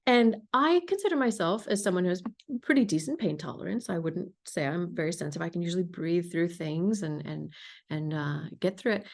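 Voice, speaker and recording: A woman's voice: on the low side, brisk. Emphatic woman podcast host. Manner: emphatic, animated storytelling. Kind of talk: casual interview conversation.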